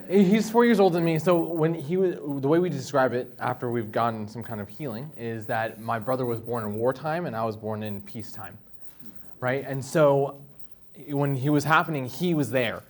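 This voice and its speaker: A young man and dancer telling personal stories in a casual talk, tagging sentences with "right?" and acting out the people he quotes in a raised voice. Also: medium pitch. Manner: animated storytelling, tags "right?", acts out quoted people in a raised voice. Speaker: dancer and speaker.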